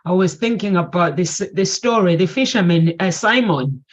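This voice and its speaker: A woman's voice: lowish voice, expressive, moderate pace, dull audio. A woman in a casual faith and self-help chat, eagerly retelling a story with many restarts. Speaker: talk show co-host.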